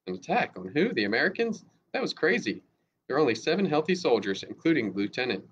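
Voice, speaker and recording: A man's voice: medium pitch, very animated, fast talker, slight background noise, voice pushed up, close to an everyday voice. A man voicing a frightened young junior officer who pleads in alarm, in a dull lo-fi storybook reading. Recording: dull lo-fi recording.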